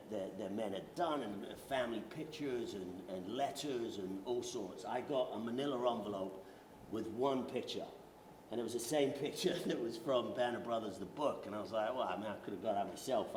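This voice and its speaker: Low-voiced man with a London accent. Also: a little mellow. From Britain. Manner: self-deprecating, joking, with fillers. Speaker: actor on a veterans' conference panel. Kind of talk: casual panel storytelling. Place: conference hall panel. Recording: roomy echo with faint noise.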